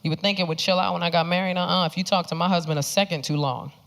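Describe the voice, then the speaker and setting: A woman in her thirties doing stand-up comedy, telling stories in a brash, punchy, animated way on a club stage. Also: fairly low pitch, racing. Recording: live club with noisy audience.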